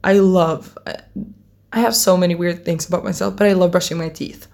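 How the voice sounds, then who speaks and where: A woman's voice: lowish voice, steady tone, a little fast, creaky, darkish tone. A teenage girl chatting casually to camera as a vlogger, rambling, giggling often and swearing offhandedly. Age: teens.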